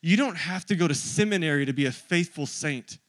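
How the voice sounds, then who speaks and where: A man's voice: a little high, brisk, dry recording. Man in his thirties preaching. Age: 30s. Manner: conversational, joking with the congregation. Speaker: pastor. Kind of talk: sermon. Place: church.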